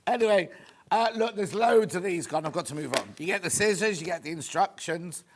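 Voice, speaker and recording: There's background noise as a man with a high, animated voice talks fairly quickly. He's presenting a live sales demo on a shopping channel from a TV studio, chatting in a rambling, gushing manner with plenty of asides.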